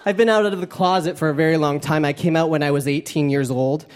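A young man doing a stand-up comedy set, animated and campy, with playful asides to the crowd. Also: on the high side, quick pace, smooth. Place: live comedy club stage. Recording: live club recording with crowd. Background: audience laughter.

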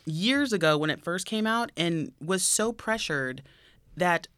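A woman guesting on a podcast in a studio, chatting in a self-deprecating, animated way. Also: on the low side, a little slow, no room sound. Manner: self-deprecating, animated, gasps in mock outrage. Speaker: guest actress. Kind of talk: casual interview chat. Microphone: studio microphone.

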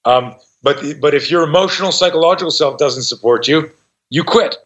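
The recording is muffled as a middle-aged man, his voice a little high and his pace brisk, tells a casual story on a podcast. Swearing liberally, he animatedly imitates the voices of the people in it.

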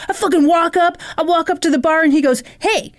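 Woman putting on a swaggering, swearing young man in full meltdown; loud and high. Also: brisk. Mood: furious rant. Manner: swearing nonstop, yelling, boastful. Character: foul-mouthed hotheaded young man ranting.

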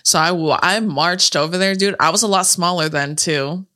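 A young woman telling a story in casual chat, animated, swearing freely and laughing often. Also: on the low side, normal speed.

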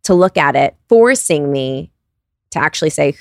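A woman's voice: low voice, lively intonation, moderate pace, no echo, studio quality. A woman in her thirties, a podcast guest telling her story in an earnest, confessional way with lots of "like". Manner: earnest and confessional, many "like" fillers. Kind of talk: candid personal storytelling.

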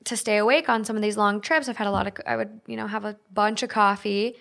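A woman's voice: medium pitch, steady tone, quick pace, gravelly, a bit bright. A woman hosting a casual podcast chat, reading stories aloud with candid laughter. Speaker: podcast host.

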